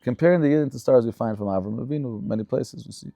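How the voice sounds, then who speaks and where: Fervent man with a gravelly voice. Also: mid-range voice, fast talker, mellow, no room sound. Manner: fervent and emphatic, with repeated phrases. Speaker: rabbi. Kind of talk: Torah lecture.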